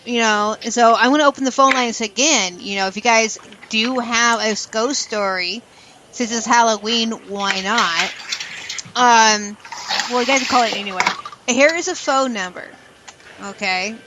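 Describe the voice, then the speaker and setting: Chatty, slightly high-voiced woman host. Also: a little slow, noisy background. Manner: laughing, scattered, chatty. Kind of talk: casual podcast chat.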